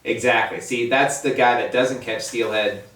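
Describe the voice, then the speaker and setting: A man's voice: mid-range voice, fairly even intonation, moderate pace, a bit bright. A man in a fly shop, ranting profanely about fishing line in casual talk, heard from a distance. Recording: echoey room, mic at a distance.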